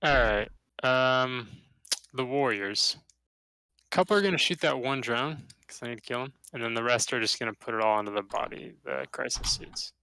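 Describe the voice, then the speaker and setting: A man playing a tabletop wargame and talking it through as he goes. He works out rules and counts rolls out loud in a relaxed, casual way. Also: mid-range voice, normal speed, vocal fry, clean tone, no echo. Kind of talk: casual game talk, thinking aloud.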